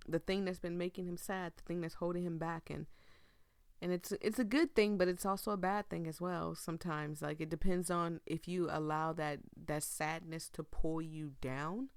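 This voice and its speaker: A woman's voice: lowish voice, smooth, no room sound, studio quality. A woman giving chatty, reflective gameplay commentary and talking to her viewers. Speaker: gameplay streamer.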